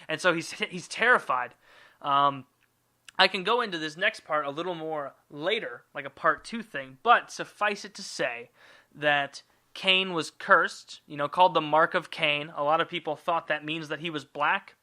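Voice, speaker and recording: Crude, bright-voiced comic storyteller man. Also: a little high, normal speed. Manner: crude, rambling, sarcastic. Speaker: podcast host.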